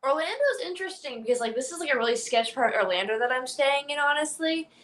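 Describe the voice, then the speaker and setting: A bubbly woman guest chats on a live stream. Her voice sits high and sounds bright and sharp. She rambles through stories full of fillers. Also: lively intonation, fast talker, rough recording. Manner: bubbly, filler-heavy storytelling. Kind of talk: casual livestream chat.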